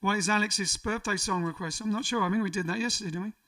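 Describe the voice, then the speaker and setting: A man's voice: high voice, fast talker, sharp tone, far from the mic. A man hosting a casual livestream, reading out viewer comments in a jokey, rambling way. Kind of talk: casual chat. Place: home during lockdown.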